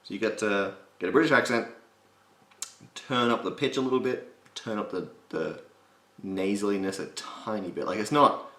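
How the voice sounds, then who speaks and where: A man with a slight gravel in his voice, giving a casual, jokey voice impression tutorial and swearing freely. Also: lowish voice, moderate pace, a bit bright. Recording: roomy echo.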